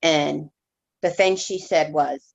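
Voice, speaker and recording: A woman reverend telling her personal testimony as an interview guest, in a halting, heartfelt way with many restarts. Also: low voice, steady tone, gravelly, dull audio.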